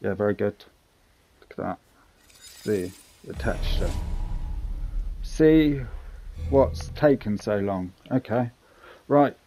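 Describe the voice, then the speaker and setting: A man's voice: on the low side, animated, slow, pauses often, warm tone, a little hiss or hum. A man hosting casual gameplay commentary, chatty and jokey with rambling asides. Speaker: gaming channel host.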